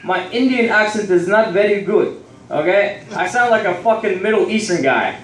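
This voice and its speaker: A man's voice: high-pitched, expressive, normal speed, fairly bright tone. A young man doing a loose, profane stand-up set on a comedy club stage, rambling through his stories. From Texas. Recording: roomy sound from a distant mic.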